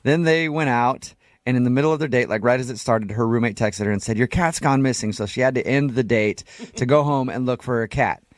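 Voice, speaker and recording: A man's voice: mid-range voice, a little fast, dry recording. A man hosting a morning radio show, chatting and laughing often as he recaps a dating story.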